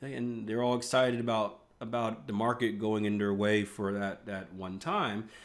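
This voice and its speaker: A man's voice: fairly low pitch, flat delivery, measured pace. A man hosting a live trading room, analyzing charts in a casual, chatty way with rambling asides.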